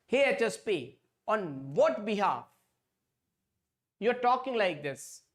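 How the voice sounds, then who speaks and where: A man's voice: sits high, big pitch swings, slow pace, full character voice. A man voicing a curious young woman assistant who questions the teacher in a raised, sing-song voice. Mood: questioning.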